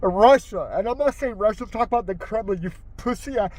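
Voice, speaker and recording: A middle-aged man talking to camera in a raw, rambling, heartfelt monologue, his voice sinking low and quiet as he grieves. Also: fast, no echo. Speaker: vlogger.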